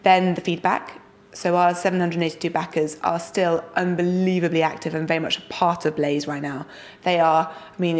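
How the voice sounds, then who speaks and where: Young woman founder: low voice, energetic, enthusiastic delivery. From United Kingdom. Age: young adult. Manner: energetic, enthusiastic, quick asides. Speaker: startup founder and guest. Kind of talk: casual interview talk.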